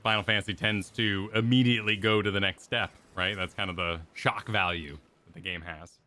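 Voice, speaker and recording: A man's voice: fairly low pitch, fairly even intonation, a little fast, bright, forceful tone. A man co-hosting a game stream in a laid-back, casual chat. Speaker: co-host streamer. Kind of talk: casual let's-play chat. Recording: faint game music behind.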